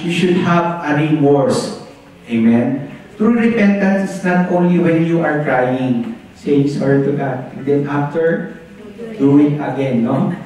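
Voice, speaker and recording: A man's voice: on the high side, darkish tone. A man preaching a sermon, earnestly asking the congregation questions and repeating "Amen". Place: church hall. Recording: echoey hall, voice from far off the mic.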